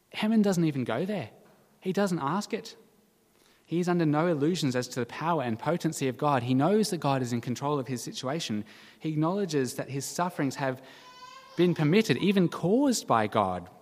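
A man's voice: a little high, lively intonation, darkish tone. Earnest preaching man in a reverberant space. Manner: earnest, measured preaching with dramatic quoted cries. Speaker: pastor. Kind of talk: sermon.

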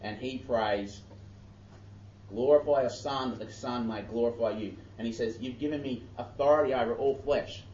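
The speaker is a pastor from Australia whose mid-range, darkish voice moves at a normal speed. His sermon mixes scripture reading with conversational asides that interrupt his flow, and the echoey, distant, dull church recording carries a little hiss or hum.

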